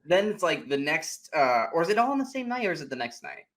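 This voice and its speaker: Animated man recapping a movie. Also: a little high, fast. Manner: animated retelling, acting out characters' lines. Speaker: podcast co-host. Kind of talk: casual movie recap chat.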